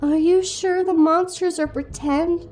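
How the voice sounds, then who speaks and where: A woman voicing a little girl whose words come out high-pitched and screeching through a creepy Halloween mask. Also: fairly even intonation, measured pace, a little mellow, faint music behind. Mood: timid.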